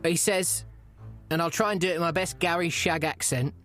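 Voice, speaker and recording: A man's voice: fairly high pitch, fairly even intonation, moderate pace, a bit bright, soft background music. A man hosting a comedy podcast, playing the patient straight man who gets flustered when pressed. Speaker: podcast host. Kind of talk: scripted comedy podcast dialogue.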